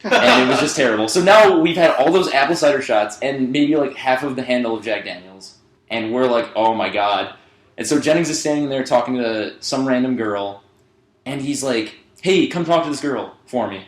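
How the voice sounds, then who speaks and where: A man's voice: mid-range voice, normal speed. Young man rambling through a drunk story, echoey room. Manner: rambling, swearing, laughing through his own story. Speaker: podcast co-host. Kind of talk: casual storytelling.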